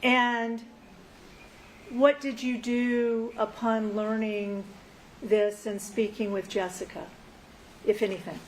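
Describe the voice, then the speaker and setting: Higher-voiced woman questioning a witness. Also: little pitch movement, slight background noise, low-quality recording. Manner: short, measured questions. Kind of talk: courtroom examination. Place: courtroom.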